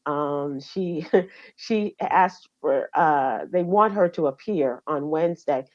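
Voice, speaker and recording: A woman's voice: low voice, a little mellow, muffled recording. A middle-aged woman hosting a radio show, going over the news in casual chat and talking with fillers and restarts. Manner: conversational, halting with fillers.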